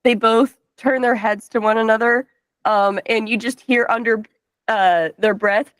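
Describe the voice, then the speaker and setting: Higher-voiced woman running a tabletop game. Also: fairly even intonation, a little slow, fairly bright tone, clean tone, no echo. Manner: casual, swears, hesitant fillers. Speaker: game master.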